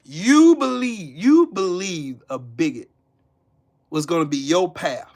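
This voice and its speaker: A man's voice: high voice, animated, takes it slowly, a little mellow. A man hosting a casual livestream commentary, mocking and profane, repeating his jabs. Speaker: channel host.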